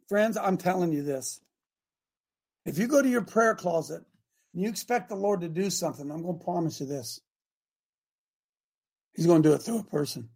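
Host, male, gravelly and husky, fiery preacher energy, shouts then drops low. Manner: exhorting, swings from shouts to quiet asides. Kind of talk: fiery preaching talk show.

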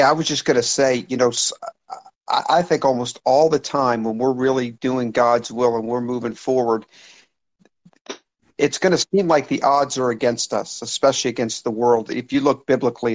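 An earnest man speaks in a group Bible discussion in a mid-range voice, measured and steady, with a few small restarts. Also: medium pitch. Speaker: group member.

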